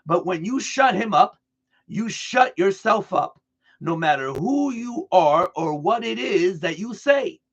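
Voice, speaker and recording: A man reading a broadcast transcript aloud in an earnest, deliberate way, restarting now and then over a word. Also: high voice, animated, a bit bright, slightly rough, dull audio. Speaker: reader.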